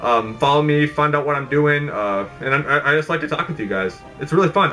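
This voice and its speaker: Young man vlogging, bright voice, slightly high pitch, rambling, exasperated, faint game music behind. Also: expressive, fast, hardly any pauses. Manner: rambling and exasperated, with mock outrage and self-aware asides. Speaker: YouTube channel host. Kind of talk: unscripted opinion vlog. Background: background game music.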